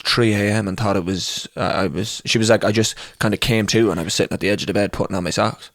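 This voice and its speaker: Sweary Irish storyteller, low voice. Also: male voice, steady tone, quick pace, a bit bright, no echo. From Ireland. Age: 20s. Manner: rambling storyteller, swears a lot, breaks into laughter. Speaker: podcast co-host. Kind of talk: casual comedic chat.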